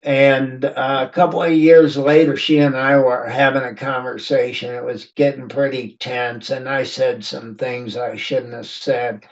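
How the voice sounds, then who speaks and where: A man who is a guest on a recovery podcast, telling a personal story in a candid and quietly reflective way, speaking over a remote call. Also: mid-range voice, level tone, measured pace, hardly any pauses. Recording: distant, muffled remote audio.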